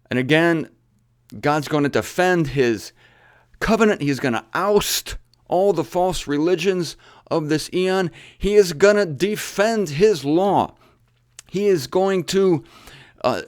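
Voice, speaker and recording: Animated man teaching the Bible with jokes. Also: on the high side, clean tone, no echo, studio quality. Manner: animated, joking asides, rhetorical questions; hurried near the end. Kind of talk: informal Bible teaching to a studio audience. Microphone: studio camera setup.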